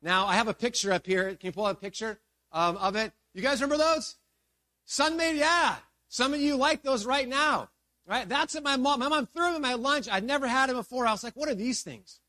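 High-voiced man preaching, chatty storyteller. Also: fast, pushed and bright, no room sound. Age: 40s. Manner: conversational storytelling, reads scripture then retells it casually with asides. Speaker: pastor. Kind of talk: sermon.

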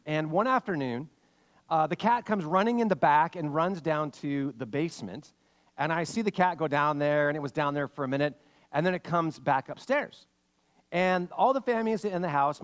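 A man preaching a sermon as pastor, reading scripture and telling a lively family story in animated bursts. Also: a little high. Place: church sanctuary. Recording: long hall reverb.

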